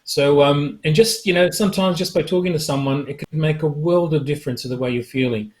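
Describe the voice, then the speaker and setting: A man with a slightly raised pitch speaks earnestly on a livestream panel. His tone is reassuring, and he reaches the panel over a video call. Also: a little fast, a little mellow. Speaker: panelist photographer.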